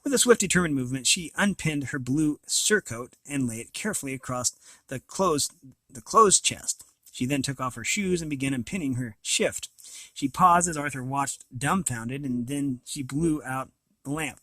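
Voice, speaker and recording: A man's voice: medium pitch, moderate pace, pushed and bright, no room sound. A man reading a novel aloud, with occasional slips and restarts. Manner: reads with small slips and restarts. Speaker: reader of an audiobook.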